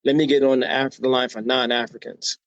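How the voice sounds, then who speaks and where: Speaking a little fast in a mid-range voice, an American podcast guest shares personal stories in an animated way, acting out the people in them and often checking in with "right?". The sound is dry with no room sound, a little dull, like a modest lo-fi recording.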